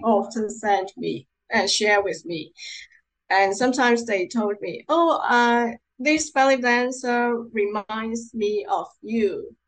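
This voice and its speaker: A woman speaking as an interview guest, slowly repeating words as she searches for them. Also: medium pitch, slight background noise, low-quality recording. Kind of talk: casual interview chat.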